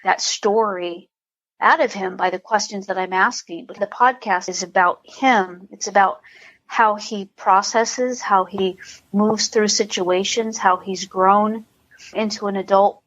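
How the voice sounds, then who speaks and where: A woman's voice: mid-range voice, fairly even intonation, measured pace, a bit bright, highs cut off. A woman, a comedian guest on a podcast, talking in a rambling way with many restarts. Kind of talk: casual interview.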